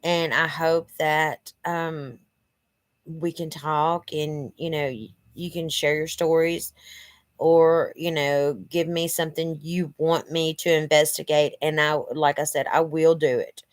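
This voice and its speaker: Talking straight to camera from her living room, this channel host rambles earnestly and leans on "you know" a lot, sounding slightly congested from allergies. Her voice sits low with little pitch movement, she speaks slowly, and there's no room sound.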